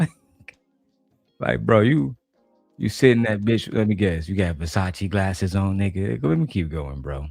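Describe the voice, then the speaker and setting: A man's voice: low voice, big pitch swings, measured pace, vocal fry, pauses often, darkish tone, no room sound, studio quality, faint music behind. A man from Detroit giving blunt, mocking, heavily profane reaction commentary on a panel clip. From Detroit, USA.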